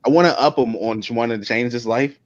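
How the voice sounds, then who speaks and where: A man's voice: medium pitch, fast talker. A man co-hosting a podcast in loose, slangy casual chat. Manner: loose, slangy, mocks others with mimicry. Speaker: podcast co-host. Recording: dull lo-fi audio.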